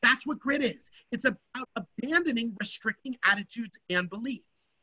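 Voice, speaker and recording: An energetic, emphatic presenter leading a motivational workshop for students over an online video session. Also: mid-range voice, moderate pace, breathy edge, dull audio.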